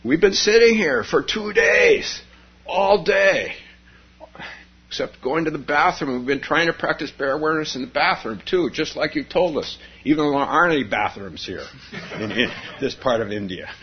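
A man voicing two tired male meditators on retreat, complaining in a pleading, drawn-out way. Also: fairly high pitch, lively intonation, breathy edge, voice pushed up. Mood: whining. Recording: dull lo-fi recording.

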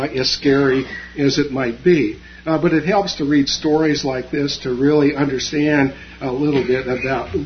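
A man giving a dharma talk, retelling a story with frequent fillers and pauses. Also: mid-range voice, muffled recording, slight background noise. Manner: halting, many fillers.

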